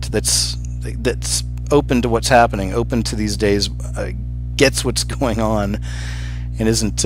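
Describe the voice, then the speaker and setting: A man runs a relaxed call-in show, chatting warmly with callers and laughing easily between lines. Faint music plays quietly behind his voice. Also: medium pitch. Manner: laughs often, friendly and chatty. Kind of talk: casual call-in chat.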